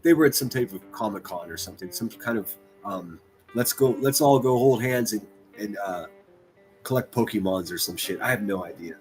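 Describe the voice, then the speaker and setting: A man's voice: on the low side, moderate pace, faint music behind. Profane ranting male streamer. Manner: profane, mocking, exasperated. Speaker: streamer host. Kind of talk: crude ranting commentary.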